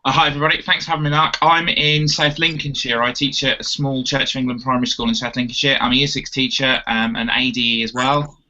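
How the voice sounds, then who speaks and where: A man's voice: medium pitch, steady tone, fast, sharp tone. A man, a primary school teacher, politely introducing himself on a webinar. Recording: lo-fi online call audio.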